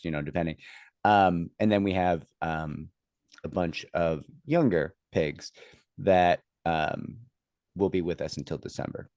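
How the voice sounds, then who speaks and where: A man with a very deep voice talks in a rambling, easygoing way, full of fillers and restarts. The sound is dry and close. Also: a little mellow, dry recording. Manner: acts out others' lines when telling a story. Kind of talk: casual chat.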